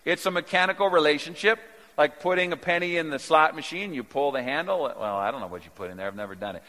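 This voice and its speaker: A man preaching a sermon in a bright, forceful voice. He swings from hushed, low asides to loud, emphatic peaks. The sound rings with the long reverb of a large church hall. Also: expressive, fairly quick. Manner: dynamic, swings from quiet to emphatic. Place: church sanctuary.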